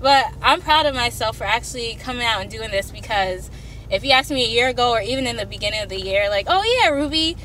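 A woman's voice: fairly high pitch, fairly even intonation, fast talker, sharp tone, a little hiss or hum. A young woman vlogging casually to her camera from her parked car, chatty and heartfelt with many ums and likes. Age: young adult. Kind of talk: casual vlog talk to camera. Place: parked car in a parking deck.

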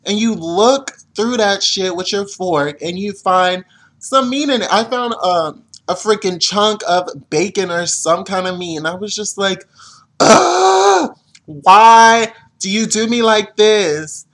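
Young man, vlogger, exasperated rant, profane, unhurried pace. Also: sits high, a bit bright. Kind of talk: ranting to camera.

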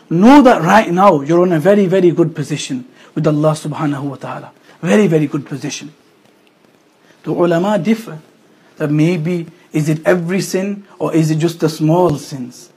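Brief: man preaching in a mosque, impassioned, high and husky. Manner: impassioned, swinging from loud to hushed. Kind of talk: emotional sermon. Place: mosque gathering.

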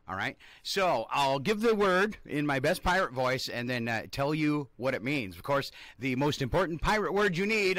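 A man's voice: a little high, gravelly, pushed and bright, no echo. A man hosting a morning radio show, rambling with lots of fillers and now and then slipping into a growled pirate voice. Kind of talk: casual radio talk. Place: radio studio. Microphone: studio microphone.

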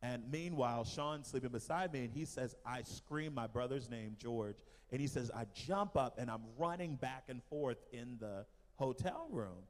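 Male missionary speaker, animated testimony, average pitch, long hall reverb. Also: normal speed, few pauses. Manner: animated storytelling with fillers. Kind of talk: church testimony. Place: church hall.

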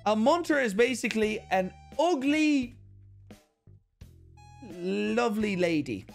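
A man's voice: sits high, sing-song, takes it slowly, creaky, faint music behind. An Irish man hosting a casual mail-opening vlog, crude and joking, with lots of swearing. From Ireland. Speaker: YouTube host.

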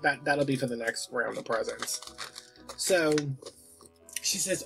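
A man's voice: fairly high pitch, expressive, slow, creaky, pauses often. A man vlogging at home who tells a rambling story in a casual, chatty way, often trailing off and restarting. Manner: chatty and easily distracted, with lots of restarts. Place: home, wrapping presents. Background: Christmas music.

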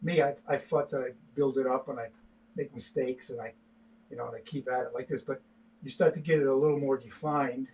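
Give me an older man with a husky voice, chatting loosely about his drawing. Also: medium pitch, steady tone, a little fast, a little mellow. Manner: rambling, stop-start with repeated words. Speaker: artist demonstrating sketching. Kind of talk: casual livestream chat while drawing.

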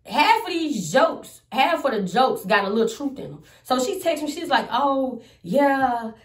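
A young adult woman, a comedian, telling a personal story in a casual vlog. She is animated and profane and swings between loud outbursts and low asides. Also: moderate pace, distant mic. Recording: echoey room, voice off from the mic.

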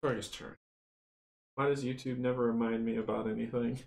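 A man casually running a board game playthrough, chatty and excitable, counting dice rolls aloud. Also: mid-range voice, a little fast, gravelly. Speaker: tabletop game runner and player. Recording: roomy echo, faint noise.

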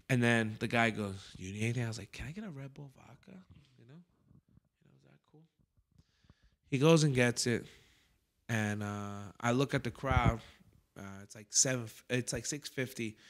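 A man hosting a comedy podcast, telling a story in a casual, profane way and acting out other people's quotes as he goes. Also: medium pitch. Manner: profane, animated anecdote-telling with acted-out quotes. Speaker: comedian host.

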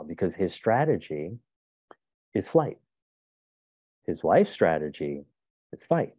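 A man's voice: deep voice, big pitch swings, slow pace, long pauses, breathy edge, no echo. Emphatic man on a tinny line. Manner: emphatic, storytelling with acted-out quotes. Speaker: guest. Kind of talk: motivational self-help talk. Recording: tinny phone-like dry sound.

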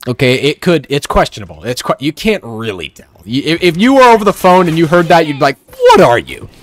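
A man's voice: fairly high pitch, sing-song, fast talker. A young man giving casual, sarcastic gameplay commentary, joking and trash-talking his teammates. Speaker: gaming streamer.

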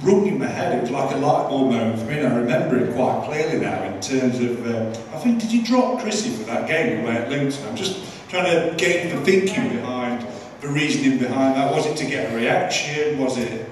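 A man's voice: medium pitch, expressive, brisk, few pauses, slight background noise. A man co-hosting a live podcast, asking a guest a thoughtful, slightly hesitant question. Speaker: podcast co-host. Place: live event venue. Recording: roomy live hall from far off.

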